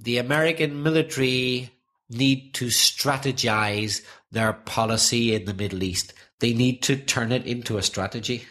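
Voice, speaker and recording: A man co-hosting an English teaching podcast, cracking jokes and giving quick example sentences. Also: mid-range voice, bright, forceful tone. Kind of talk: casual teaching podcast chat.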